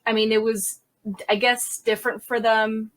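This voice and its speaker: A woman crime scene investigator telling her story as an interview guest, animated and quick, acting out the dialogue she recalls. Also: a little high. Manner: animated, fast-talking, reenacts dialogue. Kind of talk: candid conversational storytelling.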